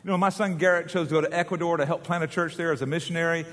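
A man's voice: a little high, fairly even intonation, very fast, a bit bright, long reverb tail. A middle-aged male pastor preaching with passion and leading his congregation in call and response. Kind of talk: sermon.

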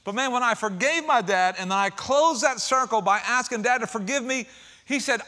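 A man preaching a sermon, retelling a story with emphatic swings between loud outbursts and hushed, quiet passages. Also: very high-pitched, normal speed.

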